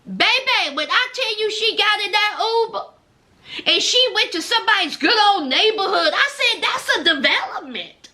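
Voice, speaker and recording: A woman's voice: very high-pitched, lively intonation, moderate pace, sharp tone. A woman recapping a reality show in casual commentary, sassy and exclamatory, telling it like a story.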